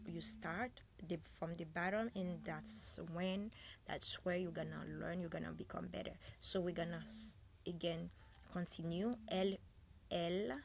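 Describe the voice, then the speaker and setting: A woman with a strong French accent giving a casual French lesson, slowly repeating and spelling out words. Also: on the low side, a little hiss or hum. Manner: slow, repeats and spells out words, code-switching. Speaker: French teacher.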